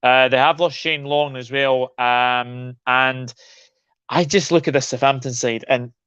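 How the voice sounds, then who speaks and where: A man's voice: mid-range voice, fairly even intonation, measured pace, fairly bright tone, clean tone, no echo, dull audio. A man hosting a casual football livestream, chatty and opinionated, greeting viewers by name as he reads the chat. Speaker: football channel host.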